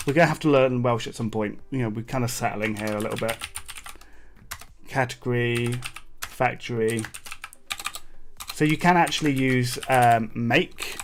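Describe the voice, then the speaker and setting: A man from Britain narrates his coding session on a live stream, musing aloud and drifting into asides with viewers. His voice sits at an ordinary middle pitch. Keyboard clicks and a faint hiss run underneath. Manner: thinks aloud, rambling with fillers and asides to chat. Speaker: livestream coding host. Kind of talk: casual live coding commentary. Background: keyboard typing.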